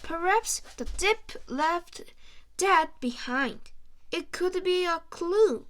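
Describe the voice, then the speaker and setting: A woman's voice: extremely high pitch, expressive, takes it slowly, fairly bright tone, pitched above the performer's own voice, exaggerated voice. A woman voicing an eager, bumbling male crocodile detective in a children's storybook.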